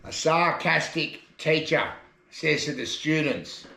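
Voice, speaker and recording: A man's voice: fairly high pitch, measured pace, creaky, sharp tone, reverberant. An Australian man telling jokes in a rambling, chatty way as a casual comedy vlogger. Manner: rambling, chatty joke delivery. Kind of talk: casual joke telling to camera. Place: shed.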